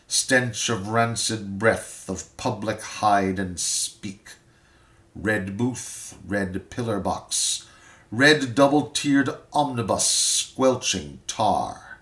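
A man reciting a poem in slow, dramatic, measured phrasing. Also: on the low side, fairly bright tone. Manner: measured, deliberate, weighty phrasing. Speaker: poetry reader. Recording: roomy echo.

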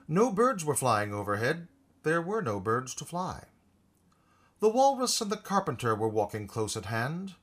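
A man reciting a storybook poem, with a husky voice and a lilting, expressive delivery. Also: on the high side. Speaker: narrator.

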